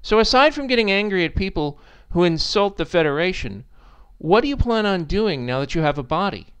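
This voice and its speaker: A man's voice: high voice, very animated, fairly quick, fairly bright tone, smooth, voice pushed up. A man voicing a cheerful, playful young woman who talks in a bubbly, teasing way.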